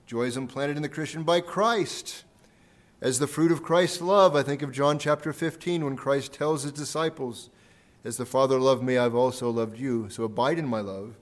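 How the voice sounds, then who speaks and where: A man's voice: mid-range voice, normal speed. Man preaching an earnest sermon. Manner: earnest preaching, repeating key phrases for emphasis, volume rising and falling. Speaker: pastor. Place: church sanctuary.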